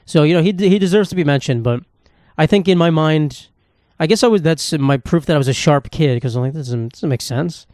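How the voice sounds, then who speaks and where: Podcast host, male, rambling and sarcastic, swears a lot, quick delivery with a slightly high voice, dry close sound. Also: animated, darkish tone, dry recording. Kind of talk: casual solo comedy podcast monologue.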